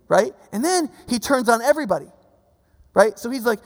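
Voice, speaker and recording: High-voiced, gravelly man preaching in a hall. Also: fast. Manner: conversational, animated, acts out quotes. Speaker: pastor. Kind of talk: sermon.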